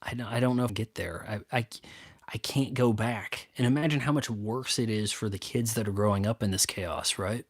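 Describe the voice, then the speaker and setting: Fairly low, husky, and a little fast, this man hosts a casual solo YouTube chat answering viewer questions. He rambles in a stop-start way, tossing in sarcastic asides, and the recording is dry and studio quality.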